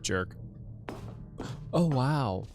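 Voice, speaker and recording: Slow gravelly male streamer. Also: medium pitch, expressive, soft background music. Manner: laid-back, joking, quick gasps and laughs. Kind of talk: casual live game reaction.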